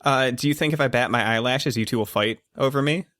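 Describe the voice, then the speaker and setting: A man voicing a sarcastic teenage girl with a deadpan, teasing delivery. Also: medium pitch, fairly quick, no echo, natural voice.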